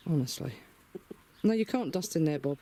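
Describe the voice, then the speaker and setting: A man speaks in a chatty, exasperated video-diary way, filming his poultry outdoors with a handheld camera. His voice sits a little high, and he slips into a higher coaxing tone when he talks to the birds. Faint garden noise and clucking run underneath. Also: lively intonation, normal speed, warm tone.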